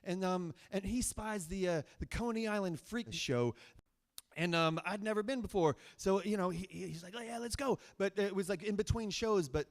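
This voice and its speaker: A man from Virginia, his voice high and his pace moderate, tells a personal story on the stage of a cultural center before a live audience. He rambles, full of fillers and restarts, and pokes fun at himself.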